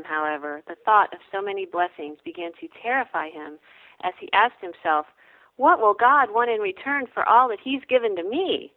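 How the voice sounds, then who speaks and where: Lowish woman narrating, phone-like. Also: no room sound. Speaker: reader. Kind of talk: devotional narration. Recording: dry, phone-like sound.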